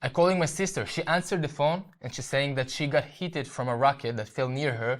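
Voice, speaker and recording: Earnest Israeli man telling his story. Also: on the high side. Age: young adult. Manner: earnest, halting, with frequent restarts and repeated words. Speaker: interview guest. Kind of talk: personal testimony in an interview.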